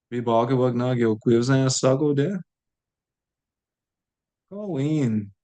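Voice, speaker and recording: A man's voice: mid-range voice, dark tone. A man teaching a language lesson, saying each word aloud and repeating it patiently for learners.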